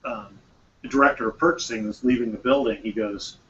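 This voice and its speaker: A man's voice: medium pitch, animated, fairly quick, fairly bright tone, distant mic. A man hosts a group discussion, talking casually and acting out bits of dialogue. He sits away from the mic, and the sound is muffled with a faint hum of room noise. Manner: conversational, repeats phrases, acts out quoted dialogue. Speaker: mastermind group host.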